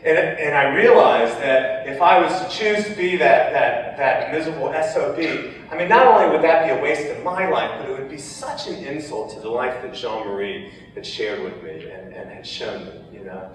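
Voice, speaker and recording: A man's voice: mid-range voice, animated. Man telling his story in an echoey hall. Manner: halting, emotional, many restarts. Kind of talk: personal storytelling. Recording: echoey hall, heard from far off.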